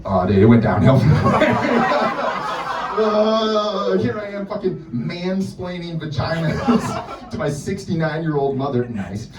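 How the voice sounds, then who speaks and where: A young American man doing stand-up in a bar, with profane, animated storytelling. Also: sits high, slow, heavy background noise. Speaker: stand-up comedian. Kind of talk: stand-up set. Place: bar in front of a live audience. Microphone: distant room recording. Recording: echoey bar, distant mic, loud ambience.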